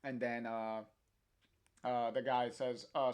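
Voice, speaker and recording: A man's voice: medium pitch, flat delivery, takes it slowly, darkish tone, clean tone, dull audio. A man reading a comic aloud on a stream, narrating the panels hesitantly with many fillers.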